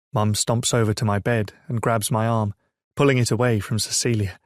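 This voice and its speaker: A man narrating a romance audiobook in first person, measured and emotive, on a close mic. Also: on the low side, steady tone, no echo.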